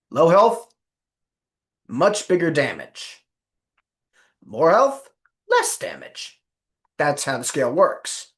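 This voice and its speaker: A man's voice: a little high, a bit bright. A man narrating a casual video game guide in a put-on Australian accent, playful and rambling, often correcting himself mid-sentence.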